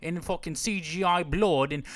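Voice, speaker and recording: A man putting on a crude, loud British male fan of action movies, brash and sweary, in a podcast rant. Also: fairly high pitch, moderate pace, no room sound, voice pushed up, close to an everyday voice. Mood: gushing. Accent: put-on British. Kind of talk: mocking impression in a podcast rant.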